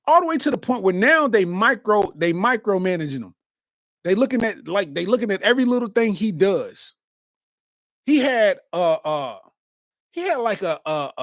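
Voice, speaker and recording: With a high-sitting voice at normal speed and no room sound, a man in his forties spins stories on his own comedy podcast. His monologue is casual, lively, and full of street slang.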